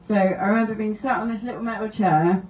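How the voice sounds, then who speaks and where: A woman's voice: mid-range voice, fast, darkish tone, roomy sound, recorded from a distance, slight background noise, poor audio. A woman doing stand-up, telling wry anecdotes and laughing through her stories at a live comedy venue. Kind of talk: stand-up storytelling.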